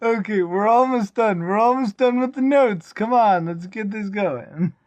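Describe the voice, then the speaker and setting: A man's voice: high voice, measured pace, a little mellow, no echo. A man co-hosting a casual review podcast, chiming in with jokes, recorded on a slightly dull lo-fi mic. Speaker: podcast co-host. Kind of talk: casual anime review chat.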